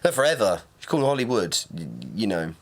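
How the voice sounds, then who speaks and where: Young guy cohosting, lowish voice, jokey, swears a lot. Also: very animated, fast. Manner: jokey, swears freely, acts out people he talks about. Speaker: podcast co-host. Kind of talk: casual chat.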